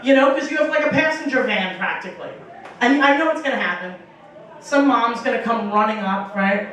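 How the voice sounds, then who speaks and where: A woman's voice: on the high side, animated, brisk, fairly bright tone, a little hiss or hum. A young woman doing a stand-up comedy set on a small bar stage, rambling and profane with lots of fillers, acting out other people's lines. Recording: echoey bar room from a distance.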